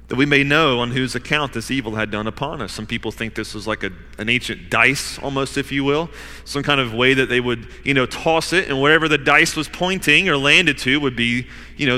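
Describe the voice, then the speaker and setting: A man preaching a sermon with a bright, forceful voice that rings out in a hall with a long reverb. He acts out the people in his story, rising to loud urging and then dropping to hushed, low asides. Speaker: pastor.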